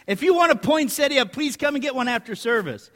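A man's voice: extremely high pitch, animated, brisk, a bit bright, big-room sound. A man preaching a sermon to his congregation, conversational and joking in his asides. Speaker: pastor. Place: church sanctuary.

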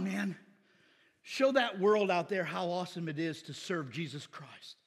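A man pastor preaching a casual, animated sermon in a church, with shouted bursts. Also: high voice, husky, long reverb tail. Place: church sanctuary.

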